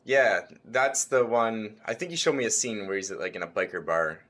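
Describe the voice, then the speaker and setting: A man's voice: on the low side, lively intonation, fairly quick, a bit bright. A man co-hosting a podcast in casual chat, laid-back and hesitant, often asking questions and laughing. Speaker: podcast co-host.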